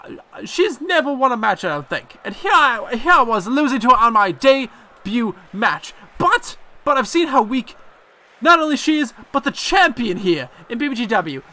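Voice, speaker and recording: A man's voice: big pitch swings, unhurried, pushed and bright, heavily acted. A man voicing a cocky Irish woman wrestler in a mock Irish accent, delivering a defiant video game promo with brash trash talk. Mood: aggrieved. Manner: brash trash talk, higher than his own voice.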